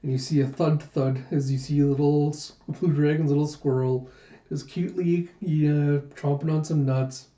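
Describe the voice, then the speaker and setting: A man casually retelling a manga chapter in a relaxed way, with frequent fillers. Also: a little high, moderate pace, echoey room, highs cut off. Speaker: host reading a manga aloud. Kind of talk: casual comic readthrough narration.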